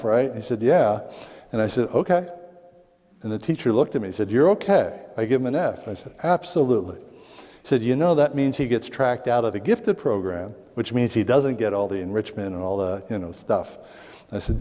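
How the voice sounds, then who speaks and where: A middle-aged man from Southwest Philadelphia, a speaker on parenting, telling lively stories to an audience and acting out voices in quotes. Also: medium pitch. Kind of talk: storytelling talk to an audience. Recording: long hall reverb.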